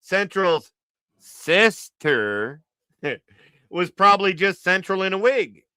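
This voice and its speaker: A man's voice: high voice, sing-song, slow pace, bright, forceful tone, clean tone, dry recording. A man hosting a livestream, giving casual, joking reaction commentary and repeating his phrases. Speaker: livestream host.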